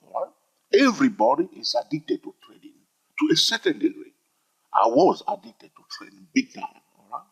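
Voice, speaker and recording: A man teaches about trading in a casual monologue, stressing and repeating points and frequently checking "all right?". His voice runs on the high side with big pitch swings, normal speed, and a creaky, slightly rough quality, in a dull lo-fi recording.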